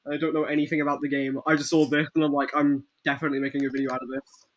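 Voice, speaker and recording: A man giving excitable, swear-filled gameplay commentary as a video game YouTuber, breaking into yelling bursts. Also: on the high side, racing, slight background noise, poor audio.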